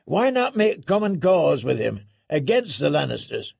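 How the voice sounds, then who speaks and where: A man's voice: fairly high pitch, big pitch swings, moderate pace, creaky, a little mellow, breathy edge, no echo, studio quality, exaggerated voice. A man voicing a doubtful mercenary captain who raises cautious objections. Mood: objecting. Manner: questioning, cautious.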